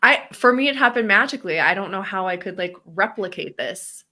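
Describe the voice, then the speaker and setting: A woman co-hosting a casual, reflective podcast conversation, talking animatedly and acting out quoted voices with laughs. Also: a little fast. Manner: animated, acts out quoted voices with big pitch jumps, laughs often. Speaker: podcast co-host.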